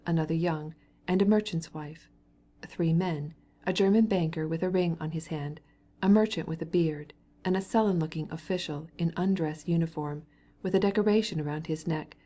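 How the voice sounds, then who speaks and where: A woman reading a classic novel aloud as an audiobook narrator, measured and steady. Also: low voice. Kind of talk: scripted narration.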